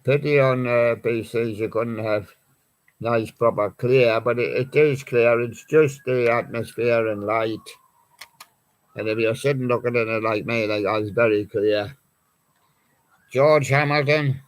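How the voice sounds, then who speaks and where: A man's voice: medium pitch, fairly even intonation, measured pace. A man hosting a live music show, chatting in a rambling way and reading out song titles from his records. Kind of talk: live-stream chat presenting records.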